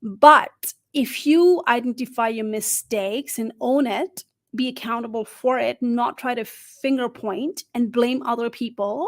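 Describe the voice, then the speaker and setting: A middle-aged career coach, not a native English speaker, gives job interview advice on a live stream. She's lively, quizzes the audience, and keeps tacking on "right?", speaking at a moderate pace in a voice on the high side.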